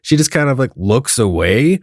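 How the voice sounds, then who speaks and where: A man telling a comedic story in a profane, animated way, acting out the dialogue as he goes. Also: medium pitch, moderate pace, no echo, clean studio sound.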